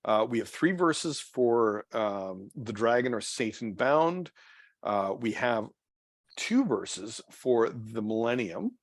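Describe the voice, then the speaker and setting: This man's mid-range voice has lively intonation and a slow pace as he leads an unscripted Bible study in a church meeting room. His talk is loose, packed with fillers, restarts and trailing phrases, with no room sound.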